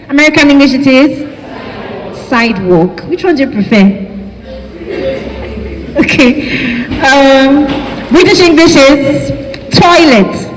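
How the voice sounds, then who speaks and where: A woman with a Nigerian accent giving a classroom lecture, chatty and asking the class questions. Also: sits high. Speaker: university lecturer. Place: lecture hall. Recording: echoey hall with faint ambience.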